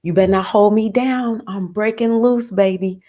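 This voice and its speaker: A woman's voice: mid-range voice, steady tone, moderate pace, dark tone, pitched above the performer's own voice, close to an everyday voice. A woman voicing the planet Uranus as a brash, defiant rebel who refuses to be held down.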